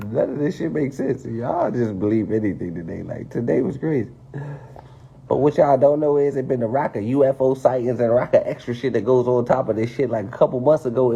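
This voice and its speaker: A man ranting casually and profanely to his viewers, spinning a conspiracy with animated, swearing delivery. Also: mid-range voice, creaky, slightly rough. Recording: dull lo-fi stream audio.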